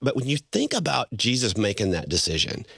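A middle-aged man telling marriage stories in a conversational way, animated and laughing often as he acts out quotes. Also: medium pitch, a little fast, creaky, slightly rough, no room sound, studio quality. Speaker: guest speaker on marriage. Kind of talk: conversational storytelling.

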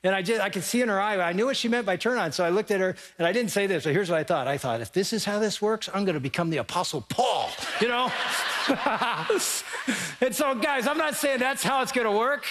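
A middle-aged male pastor preaching a sermon, telling lively stories and speaking straight to his congregation in a large church auditorium. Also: very high-pitched. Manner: animated storytelling, addressing the congregation directly. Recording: long reverb of a large hall.

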